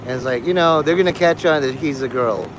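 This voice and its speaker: A man hosts a live stream with loud street noise behind him, talking in a rambling, profane monologue that jumps from topic to topic. His voice is mid-range and fairly quick.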